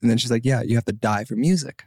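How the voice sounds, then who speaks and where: A young man in his twenties, a singer-songwriter guesting on a podcast, tells his story casually, packing it with fillers and acted-out quotes in an animated way. He talks fast in a husky, mid-range voice. The recording is studio quality with no echo.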